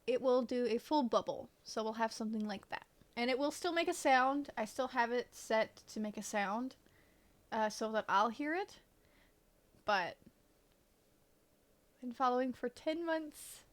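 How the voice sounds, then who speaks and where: A woman's voice: high voice, animated, moderate pace, long pauses. A woman game streamer in casual live-stream chat, greeting viewers and swearing offhandedly.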